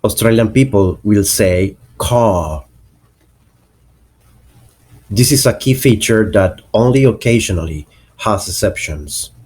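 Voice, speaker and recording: A man narrating a lesson on English accents, explaining slowly and deliberately and spelling out example words. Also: lowish voice, darkish tone, husky.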